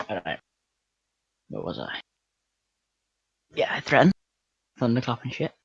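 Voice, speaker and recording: A man's voice: medium pitch, huge pitch swings, slow pace, creaky, breathy edge, dry recording. A young man playing a tabletop game, loose and laughing, swearing casually. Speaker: player. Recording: dull lo-fi mic.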